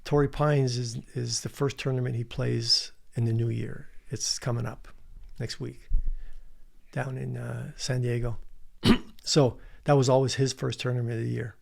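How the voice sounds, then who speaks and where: Guy with a bit of gravel in his voice, chatty podcast guest spinning stories. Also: medium pitch, moderate pace. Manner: animated anecdote telling, acts out quotes. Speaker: podcast guest, commercial director. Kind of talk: casual storytelling.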